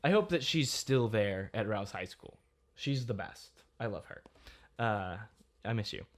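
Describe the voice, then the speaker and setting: Young dude cohosting a game podcast, rambly and chatty, laughs a lot. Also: male voice, on the low side, measured pace. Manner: animated, rambling, laughs often. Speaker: podcast co-host. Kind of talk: casual chat.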